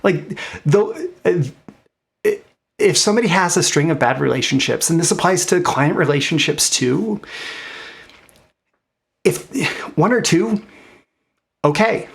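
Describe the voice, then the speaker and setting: A man, host of his own channel, giving a casual motivational talk about mindset and business, speaking conversationally with many fillers and restarts, rising in pitch on key points. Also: animated, unhurried, gravelly, long pauses. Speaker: marketing coach and host.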